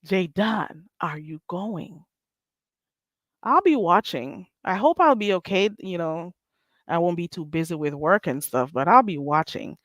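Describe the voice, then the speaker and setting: A woman's voice: lowish voice, expressive, normal speed, dry recording, rough recording. A chatty woman hosting a livestream, rambling along in easy conversation and laughing often. Her voice sits close and dry, with no room sound around it. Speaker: livestream host. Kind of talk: casual chat.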